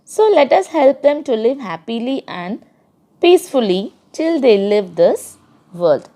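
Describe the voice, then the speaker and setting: A woman's voice: a little high, very animated, a little slow, dark tone. A woman teacher with an Indian English accent, reading a poem aloud to a class and explaining it line by line, defining the words. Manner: reads verses then paraphrases and defines words.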